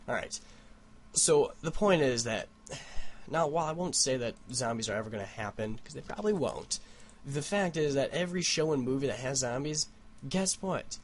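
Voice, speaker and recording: A young man vlogging at home, telling a rambling, profane story into his computer mic. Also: medium pitch. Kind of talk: casual rant.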